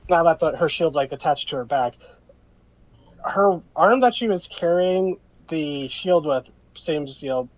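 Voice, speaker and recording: A man's voice: a little high, lively intonation, a little slow, dry recording, muffled recording. A man running a tabletop game as game master, narrating in a rambling, hesitant way full of fillers.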